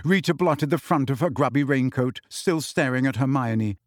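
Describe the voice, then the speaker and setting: A man's voice: medium pitch, moderate pace, dry recording, clean studio sound. A man reading a novel aloud as narrator. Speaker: audiobook reader. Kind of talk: scripted narration.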